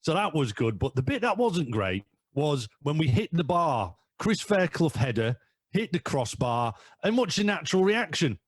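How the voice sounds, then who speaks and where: A man's voice: on the high side, moderate pace, husky, no room sound. Rambling male football fan telling stories. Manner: rambling, animated, lots of uhs. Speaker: podcast guest, football fan. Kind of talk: casual storytelling.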